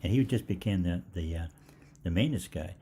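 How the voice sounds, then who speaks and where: A man's voice: sits low, fairly quick, dark tone, slight background noise. An older man hosting a live health Q&A, telling rambling stories with lots of fillers and restarts. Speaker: holistic health host. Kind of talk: live Q&A storytelling.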